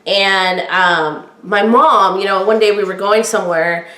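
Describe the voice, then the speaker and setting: Podcast host, middle-aged woman, loud projecting voice, candid chatty storytelling, room echo. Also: medium pitch, measured pace. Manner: candid, chatty, quotes others in lively voices. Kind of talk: personal storytelling.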